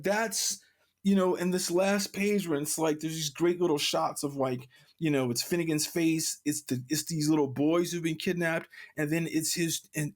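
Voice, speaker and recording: A man chatting on a comics podcast, his voice sitting a touch high. He retells the story in bursts, tripping over restarts and leaning on "you know" as he gets worked up. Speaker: podcast co-host. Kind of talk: casual chat.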